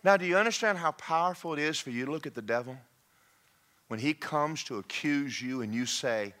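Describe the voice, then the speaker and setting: A man preaching a sermon in an animated way, shouting, laughing and putting on mocking voices. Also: on the high side, fairly quick, slight background noise.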